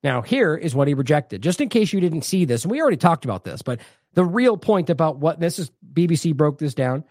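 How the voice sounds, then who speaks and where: A man's voice: fairly high pitch, sing-song, a little fast, a little mellow, no echo, studio quality. A man hosting an independent news show, delivering indignant, sarcastic commentary with heavy emphasis.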